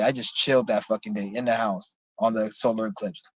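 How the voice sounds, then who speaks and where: A young man telling a profane, animated story in a casual vlog rant. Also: mid-range voice, quick pace, no echo, lo-fi sound. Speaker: vlogger.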